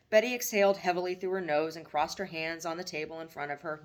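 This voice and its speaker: A woman author reading her own novel aloud in steady, wry audiobook narration. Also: low voice, quick pace, few pauses.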